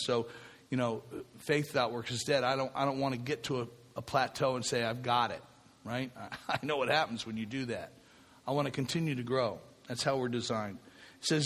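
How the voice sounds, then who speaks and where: A man's voice: medium pitch, brisk, fairly bright tone, in a large hall. A man giving a spiritual talk to a recovery group, speaking conversationally, often checking in with "right?" and repeating himself.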